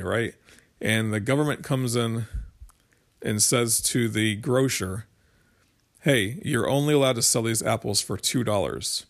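Man rambling through casual commentary. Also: mid-range voice. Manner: rambling, with restarts and explanatory examples. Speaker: political commentator. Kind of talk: casual commentary monologue to viewers.

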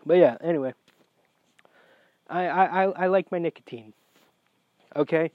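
Profane rambling man, slightly high voice. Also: a little slow, dry recording. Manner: profane, rambling, gets heated. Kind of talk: casual storytelling. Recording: dry, dull lo-fi recording.

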